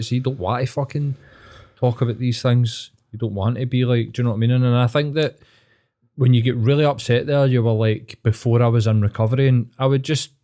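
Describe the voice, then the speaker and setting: A man's voice: medium pitch, dark tone. A Scottish man co-hosting a podcast, talking in a supportive, earnest way and laughing often. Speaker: podcast co-host. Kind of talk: casual chat.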